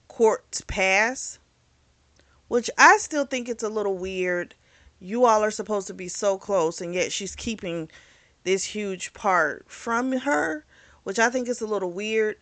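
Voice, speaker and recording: A woman's voice: mid-range voice, a bit bright, no echo. A woman hosting a casual book review, retelling a novel's plot in a chatty way and acting out the characters' lines.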